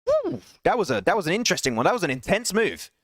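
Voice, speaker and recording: Fast, high-voiced young male esports caster. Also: no echo. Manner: excitable, rising to shouts at big plays, laughing apologies to chat. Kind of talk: solo live esports play-by-play.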